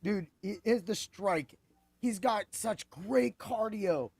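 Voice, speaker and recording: A man hosting a podcast, talking excitably about fights in a rambling way that keeps correcting itself. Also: high voice, takes it slowly, vocal fry, husky, dry recording. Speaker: podcast host. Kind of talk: animated sports betting chat.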